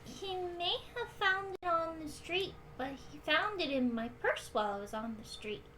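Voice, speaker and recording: A woman voicing a polite little cat-folk woman with a soft, high and earnest voice. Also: expressive, normal speed, a little hiss or hum, heavily acted. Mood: reasoning.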